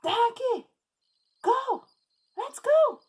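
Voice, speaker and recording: A woman with a Brazilian Portuguese accent voicing a tired, tearful little boy who pleads and shouts. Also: very high voice, big pitch swings, takes it slowly, pitched above the performer's own voice, full character voice. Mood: angry shouting.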